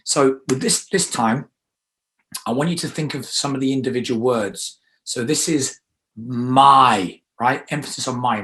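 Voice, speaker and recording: A man coaching a guided affirmation exercise, energetic and emphatic, coaxing the listener to repeat after him. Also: mid-range voice, moderate pace.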